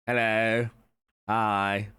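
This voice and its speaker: A man's voice: on the low side, little pitch movement, very slow, pushed and bright, clean tone. A young man chatting casually on a livestream, rambling, swearing now and then, and answering chat messages. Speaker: streamer.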